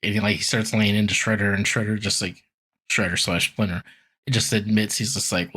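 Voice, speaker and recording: A man's voice: on the low side, fairly even intonation, brisk, pushed and bright, breathy edge. A man co-hosting a podcast, casually retelling a cartoon episode in a rambling way with lots of fillers and acted-out quotes. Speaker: podcast co-host recapping an episode. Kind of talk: casual chat, animated retelling.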